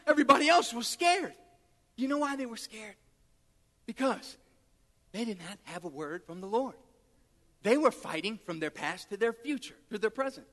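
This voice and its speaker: High-voiced emphatic male preacher. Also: sharp tone. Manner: emphatic, repetitive, acts out quoted dialogue. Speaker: pastor. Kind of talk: sermon. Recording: reverberant hall.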